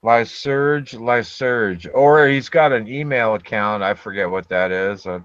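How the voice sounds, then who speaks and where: A man's voice: mid-range voice, measured pace, fairly bright tone, no echo. Blunt teasing man on a dull call. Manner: blunt, teasing, crude banter. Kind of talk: casual group call chat. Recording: dull lo-fi online call audio.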